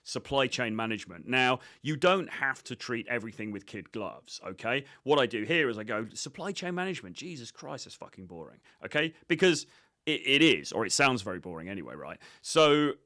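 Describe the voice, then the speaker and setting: A man's voice: medium pitch, expressive, moderate pace, sharp tone, dry recording, studio quality. A man coaching on dating, commenting on his own footage in a blunt, cocky, profane way with many fillers.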